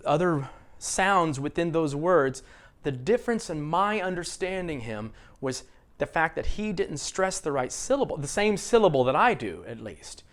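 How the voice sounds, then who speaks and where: A middle-aged American man teaching a spoken English lesson, showing learners how to stress words in sentences. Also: a little high. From United States. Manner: lively, models sentences for learners to repeat. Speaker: ESL teacher.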